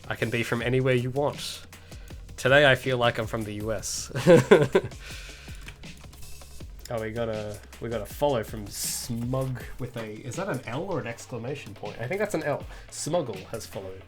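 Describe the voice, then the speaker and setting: An Australian man in casual livestream chat, his voice at an everyday middle pitch. He rambles, hedges and second-guesses himself as he reads out viewer comments. Soft music runs faintly in the background. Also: moderate pace. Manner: rambling, hedging, chuckles often. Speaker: indie game developer streaming.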